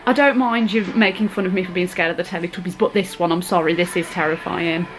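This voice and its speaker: A woman's voice: lowish voice, fairly even intonation, fast, rough recording. A young woman talking through a scary film as a vlogger, gasping, squealing and chatting in a casual reaction vlog.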